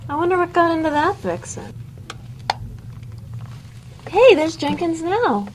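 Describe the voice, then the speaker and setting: A woman's voice: extremely high pitch, sing-song, a little slow, noisy background. Campy, flirty horror hostess woman. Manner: flirty, theatrical. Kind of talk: campy sketch comedy.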